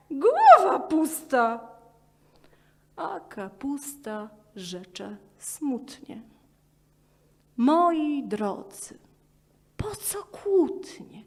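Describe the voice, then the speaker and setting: A woman giving an expressive poetry recital, playfully putting on voices for the characters. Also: sits high. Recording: distant, reverberant hall.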